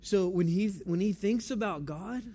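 A man's voice: high-pitched, normal speed, mellow. A man preaching a sermon, talking to the congregation in an easygoing way and repeating key phrases for emphasis. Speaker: pastor.

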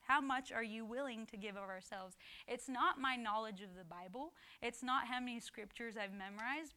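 A woman's voice: on the high side, bright, forceful tone. A woman teaching a casual Bible lesson, talking conversationally, often asking "right?" and quoting scripture. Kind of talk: casual sermon.

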